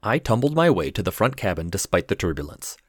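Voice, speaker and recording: A low-voiced man, an emergency physician, narrates a scripted comic story in a wry, deadpan way. His pitch moves a lot as he tells it. The recording is close and dry. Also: quick pace, no echo. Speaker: podcast host and ER physician.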